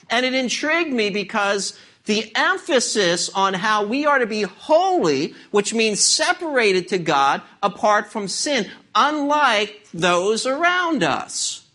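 Pastor mid-sermon: emphatic, sharp-toned, full of rhetorical questions to the pews. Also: medium pitch. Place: church service before a congregation.

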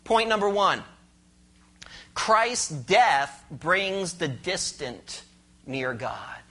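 A pastor preaching a sermon, expressive and questioning the congregation, explaining scripture verse by verse. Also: medium pitch, extremely slow. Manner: explains Greek words and cites verses.

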